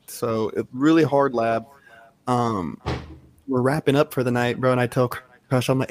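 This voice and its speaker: A man's voice: mid-range voice, fairly even intonation, normal speed, a little mellow. Hyped, slangy podcast host man. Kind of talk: casual interview chat.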